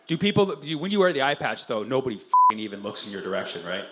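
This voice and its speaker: A man's voice: medium pitch, rapid-fire, hardly any pauses, heavy background noise. A man doing stand-up crowd work at a live comedy show, bantering brashly and profanely with the audience.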